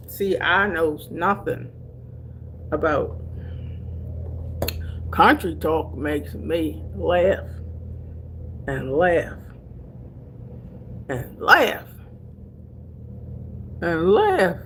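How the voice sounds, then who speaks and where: A woman's voice: low-pitched, sing-song, extremely slow, long pauses, fairly bright tone, a little hiss or hum. An older woman from Delaware chatting casually to camera as a vlogger. She calls her viewers honey and baby and laughs easily while telling stories. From Delaware, USA.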